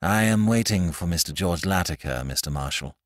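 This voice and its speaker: A man voicing a watchful detective in a low, quiet, determined way. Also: expressive, a little fast, dry recording, clean studio sound. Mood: grim. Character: grim, watchful male detective.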